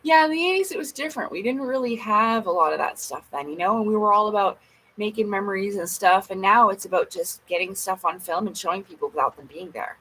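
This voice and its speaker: A woman's voice: mid-range voice, fast, a bit bright, slight background noise, poor audio. A woman in her forties hosting a casual livestream, chatty and rambling. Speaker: livestream host.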